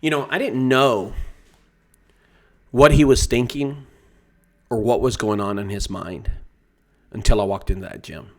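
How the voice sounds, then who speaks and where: A man's voice: medium pitch, fairly even intonation, unhurried, long pauses, darkish tone. A man who runs a junk removal business, teaching sales in a casual, profane, storytelling way. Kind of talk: casual teaching talk to camera.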